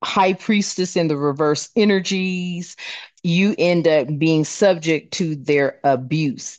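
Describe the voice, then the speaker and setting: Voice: medium pitch, no room sound. Blunt, profane tarot reader, dull dry sound. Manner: blunt and profane, rambling with fillers. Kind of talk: casual tarot card reading.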